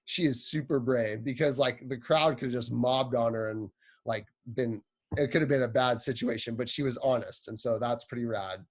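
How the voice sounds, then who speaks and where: A man's voice: mid-range voice, fairly even intonation, normal speed, breathy edge. A man giving a casual, chatty sermon, retelling a story with a playful, conversational manner.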